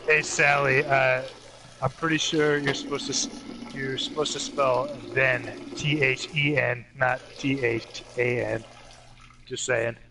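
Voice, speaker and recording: A man with a Californian accent, co-hosting a casual podcast, teasing and swearing with drawn-out fillers. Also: medium pitch, little pitch movement. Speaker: podcast co-host. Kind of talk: casual banter. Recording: clear background noise.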